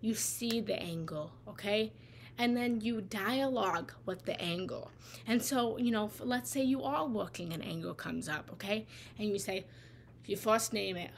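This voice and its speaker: A woman's voice: mid-range voice, normal speed, creaky, a little hiss or hum. A woman giving a live spiritual talk as a meditation teacher. She speaks conversationally and keeps checking in with "right?". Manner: conversational, tags lines with "right?". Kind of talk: live guided talk on feelings.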